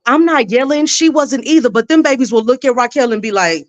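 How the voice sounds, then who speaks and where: Animated woman guest in a video-call chat. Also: a little high, brisk, hardly any pauses. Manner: animated storyteller who acts out kids' voices.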